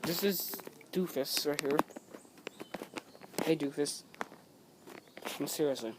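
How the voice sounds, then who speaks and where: Still drowsy from waking, a woman with a deep voice and lively intonation speaks slowly and pauses often while filming her cats on a handheld phone. She talks to them in a playful, cooing way and giggles frequently, and the casual home video carries clear background noise.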